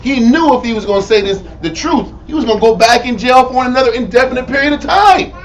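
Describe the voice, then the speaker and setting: A man with an extremely high, animated voice talks fast as he leads a bible study, teaching emphatically and prompting the reader with "Read on" and "Right?". The teacher's scripture reading comes through as dull lo-fi audio with faint noise.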